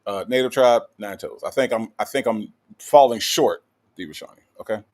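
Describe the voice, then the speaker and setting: A man's voice: fairly low pitch, normal speed. Playful man hosting a livestream chat. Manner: animated, playful, with lots of "okay?" tags and fillers. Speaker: livestream host. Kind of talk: casual livestream chat reading comments.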